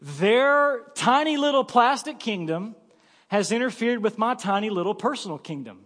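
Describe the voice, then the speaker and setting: A man in his thirties preaching a sermon as pastor, telling a story in an animated, joking way. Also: high voice, moderate pace. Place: church sanctuary. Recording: long church-hall reverb.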